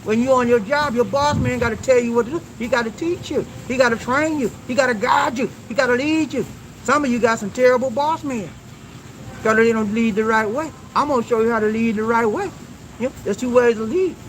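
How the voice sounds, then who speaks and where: A man's voice: very high voice, a little fast, fairly bright tone, a little hiss or hum, rough recording. A man hosting a relationship advice talk, preaching emphatically to his viewers with call-and-response questions and repeated lines.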